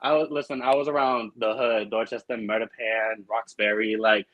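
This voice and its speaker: A man with a Boston accent, chatting casually as a podcast guest and telling animated stories full of fillers. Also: fairly low pitch, no room sound, poor audio. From Argentina. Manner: animated, quick storytelling with lots of fillers. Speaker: drag performer guest.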